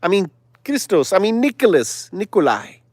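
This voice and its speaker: A man hosting a live stream, delivering a sarcastic, preachy monologue that now and then drops to a hushed whisper. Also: sits high, big pitch swings, normal speed, dry recording, clean studio sound. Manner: sarcastic, mocking asides; preachy, sermon-like exhortation.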